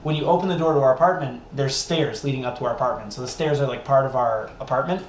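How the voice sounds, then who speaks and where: A man's voice: mid-range voice, quick pace. A young man hosting a podcast, telling a funny story casually and animatedly, with frequent swearing and laughter. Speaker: podcast host. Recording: roomy echo, faint noise.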